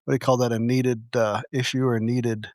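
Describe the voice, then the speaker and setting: A man's voice: medium pitch, little pitch movement, fairly quick, darkish tone, dry recording, studio quality. A man co-hosting a casual podcast chat, joking crudely and laughing easily. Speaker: podcast co-host.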